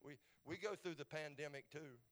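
A man preaching a sermon as a pastor in a nearly empty church, stammering through repeats as he swings between soft pleading and loud, fervent declarations. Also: a little high, normal speed. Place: church sanctuary, mostly empty.

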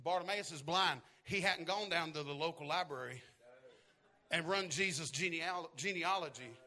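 A man preaching a sermon, repeating phrases and building to shouted, half-sung climaxes. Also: on the high side, normal speed. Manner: drops to a hushed, quiet voice at times.

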